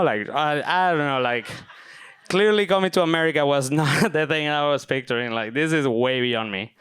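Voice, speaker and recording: Young man, smooth resonant storytelling voice. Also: on the high side, moderate pace, a bit bright. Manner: casual, self-mocking, filler-heavy. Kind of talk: live personal storytelling. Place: stage at a live event.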